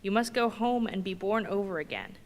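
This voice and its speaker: A woman's voice: medium pitch, a little fast, a little hiss or hum, close to an everyday voice. A woman reading as a domineering ship's mate. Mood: bossy. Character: domineering male ship's mate questioning a cook. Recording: long reverb in a big hall.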